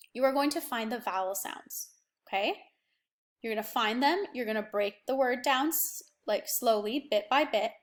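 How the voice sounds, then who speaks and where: A young woman with a fairly high voice teaches a remote phonics lesson to children. She is patient and encouraging. She sounds words out slowly, bit by bit. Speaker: primary school teacher.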